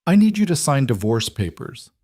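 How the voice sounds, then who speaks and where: A man voicing a composed woman leaving her cheating husband, speaking in calm, clipped, resolute lines. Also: medium pitch, normal speed, no room sound, studio quality, voice pushed up.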